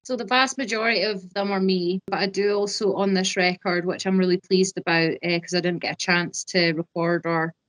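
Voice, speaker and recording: Chatty Scottish woman musician, low voice. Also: fairly even intonation, a little fast, few pauses, fairly bright tone, no echo. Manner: chatty and enthusiastic, many fillers like "do you know what I mean". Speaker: musician guest. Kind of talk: casual interview chat.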